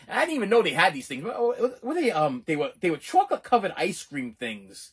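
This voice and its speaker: Man, middle-aged, casual storytelling, animated, husky voice. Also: a little high, fairly quick, few pauses. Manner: rambling, animated, lots of restarts. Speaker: channel host.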